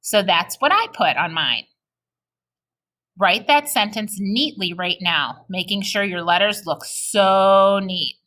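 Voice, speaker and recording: Bright-voiced woman teaching young children. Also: mid-range voice, lively intonation. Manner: slow, exaggerated modeling of reading aloud; patient, encouraging talk to young children. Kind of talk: recorded early-grade reading lesson.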